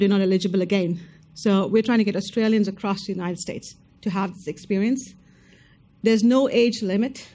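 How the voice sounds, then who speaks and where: A woman presenting a scholarship program at an information session speaks in a warm, medium-pitched voice. She addresses applicants directly and emphatically, checking in with them often.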